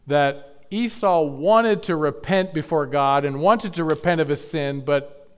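A male pastor preaching a sermon, building to emphatic peaks and dropping to quiet asides. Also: fairly high pitch, clear, resonant tone.

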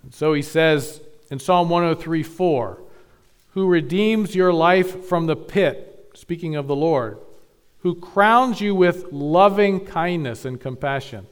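A man preaching a sermon, teaching carefully with measured emphasis and occasional restarts. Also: on the high side, clear, resonant tone. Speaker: pastor.

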